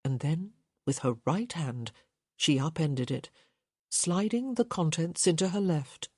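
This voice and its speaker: A woman reading a novel aloud in slow, measured audiobook narration. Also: deep voice, animated, darkish tone, no echo, studio quality. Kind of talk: scripted narration.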